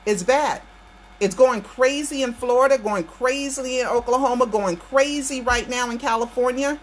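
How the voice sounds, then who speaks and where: This high-pitched woman talks at a moderate pace as she hosts her channel. She's from the United States and delivers a fiery political rant straight to her viewers, hammering her points by repeating them.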